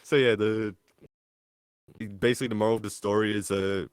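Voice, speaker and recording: A man's voice: lowish voice, steady tone, a little fast, clean tone, no room sound, clean studio sound. A man, a podcast co-host telling a story in casual chat, rambling and full of filler words. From Australia.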